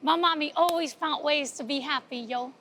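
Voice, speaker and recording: Standing outside a cafe, a host and playwright from Brooklyn, New York, tells a solo monologue with animated, streetwise flair. Her voice is high and her pace moderate, with slight background noise behind her.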